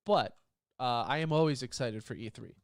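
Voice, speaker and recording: A man's voice: medium pitch, animated, normal speed, creaky, no echo, studio quality. A man hosting a podcast in a casual chat, his voice a bit nasal from a lingering cough. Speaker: podcast host.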